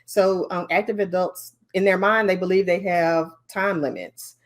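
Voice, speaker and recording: A woman leading a conference training session on learning design, talking in a lively, chatty way with many fillers and asides. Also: fairly low pitch, moderate pace.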